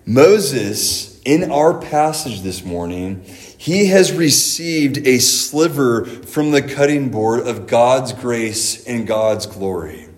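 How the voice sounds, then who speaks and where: A man preaching a sermon to his congregation, mixing scripture quotes with homely stories from his own family. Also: medium pitch. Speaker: pastor.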